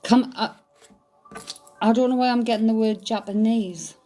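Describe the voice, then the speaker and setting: Hesitant woman with a mellow voice. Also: on the high side, steady tone, normal speed. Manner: hesitant, searching, thinking aloud. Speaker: psychic medium. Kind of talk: live medium reading.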